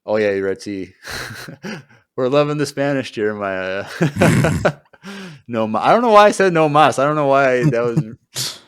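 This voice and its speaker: A man's voice: mid-range voice, animated, unhurried, clean tone, no echo, clean studio sound. A man co-hosting a podcast, chatting casually and self-deprecatingly with plenty of fillers. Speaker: podcast co-host.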